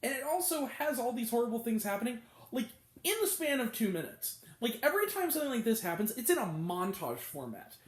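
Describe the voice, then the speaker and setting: A man rants through a film review with a blunt, exasperated edge, swearing freely. His pitch swings widely from line to line. The room around him rings with echo. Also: very animated, brisk. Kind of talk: ranting movie review.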